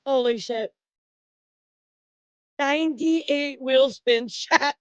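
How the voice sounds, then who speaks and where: A young woman streaming live, excitedly thanking viewers, laughing often and swearing. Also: high voice, extremely slow, no room sound, highs cut off.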